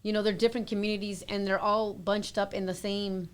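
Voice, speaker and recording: A woman's voice: medium pitch, flat delivery, fairly quick, clean tone, faint music behind. A woman on a casual panel chat, earnestly explaining her own view at length.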